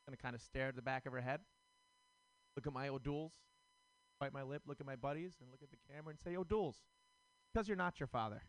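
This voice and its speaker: A man's voice: medium pitch, steady tone, quick pace, long pauses, dry recording, rough recording. A man doing a stand-up comedy set on a club stage, rambling and self-deprecating, with many fillers. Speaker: stand-up comic.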